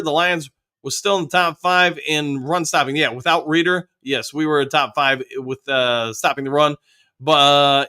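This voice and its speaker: Chatty livestream host, man, bright forceful voice, a bit high, upbeat greetings. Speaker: host of a fan livestream reading chat. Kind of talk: casual live chat.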